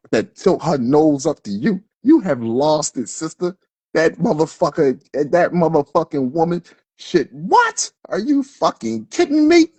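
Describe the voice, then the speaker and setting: Husky, fiery man ranting on a livestream. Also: medium pitch, a little mellow, no echo. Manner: profane, fiery, repetitive, stammering restarts. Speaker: livestream host. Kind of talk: heated livestream rant. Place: in Philadelphia.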